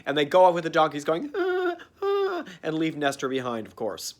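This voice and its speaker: A man giving a campy, sarcastic comedic recap of a cartoon, dropping into quick character voices. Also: fairly high pitch, expressive. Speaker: comedic reviewer.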